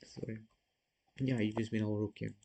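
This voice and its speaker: A man's voice: fairly low pitch, level tone, moderate pace, vocal fry, mellow, a little hiss or hum, poor audio. A man streaming chess, thinking aloud as he works through puzzle moves and talks casually to his viewers. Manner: self-critical, talks to viewers.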